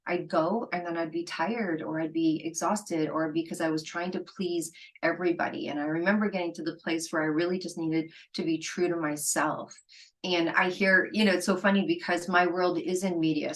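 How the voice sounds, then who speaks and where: A woman's voice: fairly low pitch, steady tone, normal speed, low-quality recording. Candid woman hosting a solo podcast. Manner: candid, conversational, acts out quoted friends. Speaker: podcast host.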